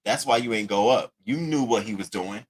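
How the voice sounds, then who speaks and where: A man hosting a casual commentary, reading text messages aloud and reacting to them with a profane, animated delivery. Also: fairly low pitch, fairly quick, breathy edge, poor audio. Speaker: commentary host.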